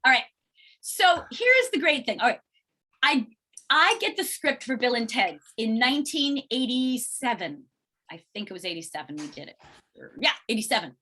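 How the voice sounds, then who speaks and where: A middle-aged actress chatting as an interview guest, telling stories in an animated way and acting out what people said. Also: female voice, on the high side, normal speed. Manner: animated storyteller acting out quoted exchanges. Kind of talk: casual interview chat.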